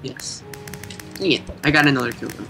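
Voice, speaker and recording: Over background music, a young man with a medium-pitched voice talks a little fast, chatting casually and laughing easily as he plays a game with a friend. He's a gaming YouTuber co-host, relaxed and easily amused, with hesitant fillers in his casual gameplay chat.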